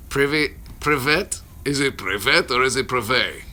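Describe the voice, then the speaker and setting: A voice actor answers viewer questions during a casual livestream from his phone at home, his children nearby, rambling, cutting himself off frequently, and chuckling in between. His voice is medium in pitch, pushed and bright.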